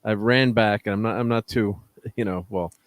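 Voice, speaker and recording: A man shares stories in a casual chat, chatty and often chuckling as he goes. His voice sits on the low side. The recording is dry, with no room echo. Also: fairly even intonation, normal speed.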